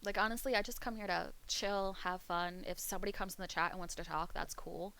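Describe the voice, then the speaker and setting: A woman's voice: lowish voice, brisk, sharp tone. A young East Coast woman streams and talks straight to her chat in a loose, rambling way. Her Pennsylvania-tinged East Coast accent comes through, she laughs often, and she swears without a second thought. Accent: East Coast American, Pennsylvania. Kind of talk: casual chat to viewers.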